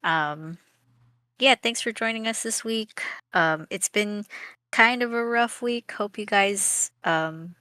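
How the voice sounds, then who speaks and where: Woman, giggly casual art-stream chat, bright voice, dry close room. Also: mid-range voice, slow pace, clean tone, no room sound. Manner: chatty, giggly, warm sign-off. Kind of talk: casual chat while drawing.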